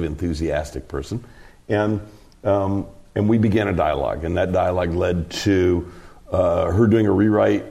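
A man's voice: low-pitched, vocal fry, dark tone. A middle-aged man, a producer and director, telling a rambling anecdote in an interview, full of fillers and restarts. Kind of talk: interview storytelling.

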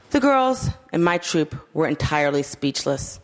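A woman narrating a literary short story in a measured, steady audiobook reading. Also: low-pitched.

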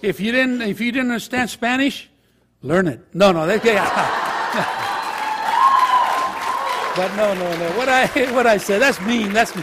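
A man's voice: high voice, unhurried, long pauses, a loud crowd, heavy background noise. An older man, a former teacher telling a joking anecdote to an audience. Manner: anecdotal, joking, switches into Spanish. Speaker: former high school teacher and counselor. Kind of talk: storytelling talk to an audience.

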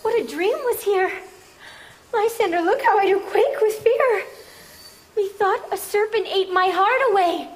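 A woman playing an earnest, devoted young noblewoman in a Shakespeare reading, delivering the verse in a measured way. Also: very high voice. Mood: frightened.

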